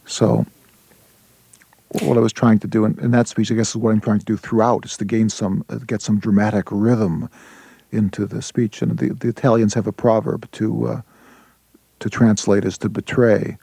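A man, a playwright and translator, answering a radio interview in a halting way with many restarts. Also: lowish voice, little pitch movement, creaky, dark tone, husky, no echo.

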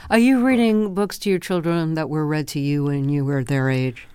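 A woman interviewer with a lowish, smooth and clear voice asks measured questions. The sound is dry and close to the mic. Now and then she slips in a dry joke. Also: darkish tone, no room sound.

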